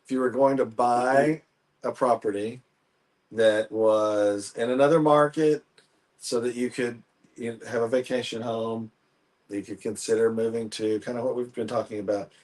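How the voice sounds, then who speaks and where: A man co-hosting a casual real estate panel chat, telling stories in a chatty way and trailing off softly at the ends of his thoughts. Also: on the low side. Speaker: real estate agent and co-host. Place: Houston.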